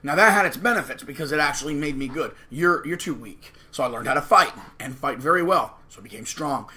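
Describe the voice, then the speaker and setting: A man's voice: a little high, expressive, quick pace, sharp tone. A man hosting his channel, talking to camera in a combative, preachy and emphatic way. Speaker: channel host. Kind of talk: casual monologue to camera.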